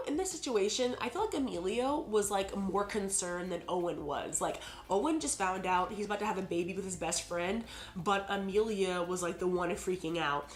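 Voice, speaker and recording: A woman giving a casual recap of a TV episode, talking in a chatty way full of "like" and "you know". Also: on the low side. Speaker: TV episode reviewer. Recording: roomy echo.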